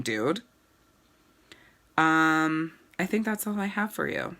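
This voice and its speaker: Bright-voiced, gushing woman talking candidly. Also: deep voice, lively intonation, slow pace. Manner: candid, gushing, swears casually. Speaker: boutique owner and sales consultant. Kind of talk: casual live video talk to followers.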